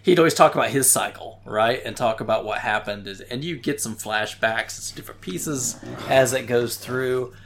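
A man's voice: mid-range voice, moderate pace, a bit bright, a little hiss or hum. A man co-hosting a casual gaming chat, rambling through explanations and tagging his points with "right?". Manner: rambling, frequent "right?" tags.

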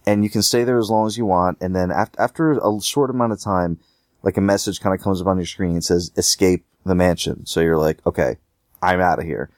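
Deep-voiced man chatting casually about games. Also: quick pace, a little mellow, dry recording, clean studio sound. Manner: rambling, many fillers and restarts. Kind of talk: casual gaming discussion.

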